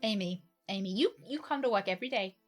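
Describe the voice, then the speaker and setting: A woman's voice: mid-range voice, animated, fast talker, soft background music. A woman streamer chatting playfully and laughing often during a gameplay stream. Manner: giggly, chatty and playful, talks to chat. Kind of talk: casual gameplay commentary.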